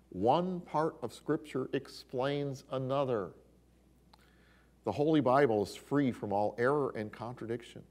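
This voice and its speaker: Animated man teaching a Bible class. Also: medium pitch. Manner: animated storyteller with exclamations. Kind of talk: classroom lecture.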